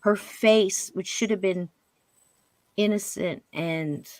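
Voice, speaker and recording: A woman's voice: mid-range voice, takes it slowly, no echo. Storytelling woman, dry close sound. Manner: animated, quotes spirits and herself in hushed voice. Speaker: guest medium on a paranormal show. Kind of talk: storytelling interview.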